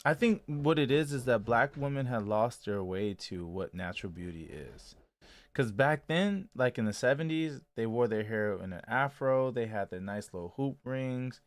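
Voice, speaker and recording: Male co-host, expressive pitch, dry close sound, rambling opinionated chat. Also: moderate pace, no room sound. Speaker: co-host reacting to a dating show clip. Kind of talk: casual chat.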